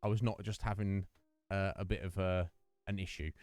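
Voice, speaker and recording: A man's voice: deep voice, flat delivery, normal speed, a little mellow, no room sound. A man hosting his game live stream, chatting in a rambling way and laughing often. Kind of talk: casual live-stream chat.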